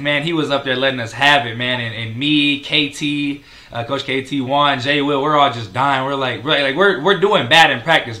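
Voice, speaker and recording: Relaxed young man, casual talk. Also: medium pitch. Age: young adult. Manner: relaxed, many fillers like um and man. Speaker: college basketball player guest.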